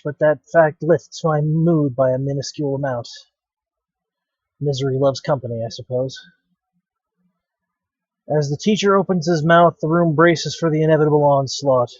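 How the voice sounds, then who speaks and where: A man's voice: on the high side, no echo, dull audio. A man hosting a let's play, reading a visual novel aloud with dramatic, wry narration.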